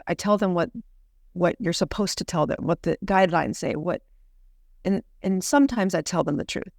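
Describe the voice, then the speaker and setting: A woman's voice: lowish voice, darkish tone, no echo, clean studio sound. A middle-aged woman physician telling a personal story earnestly, with frequent "you know" restarts. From United States. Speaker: physician guest. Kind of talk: conversational storytelling.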